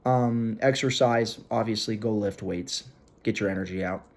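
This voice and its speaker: A man's voice: on the low side, normal speed. A young man talking straight to viewers in a casual advice video, blunt and emphatic, coaching them in everyday slang and repeating his points. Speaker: self-help video host. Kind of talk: direct-to-camera advice talk.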